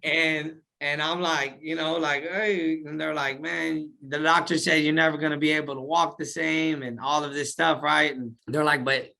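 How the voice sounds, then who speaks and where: A man's voice: on the high side, normal speed, creaky, few pauses. A man recounting his life story in a casual interview, talking in slang and acting out what he said back then. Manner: animated, slangy, acts out his own past words.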